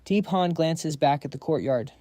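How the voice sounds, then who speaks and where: A man narrating a comic story recap in an even storytelling delivery. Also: fairly high pitch, normal speed, no echo.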